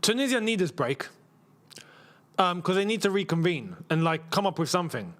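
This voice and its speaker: A man's voice: high voice, very animated, moderate pace, fairly bright tone. A young man hosting a live football watchalong, chatting casually, laughing often and using slangy banter. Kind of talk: casual live match commentary and chat.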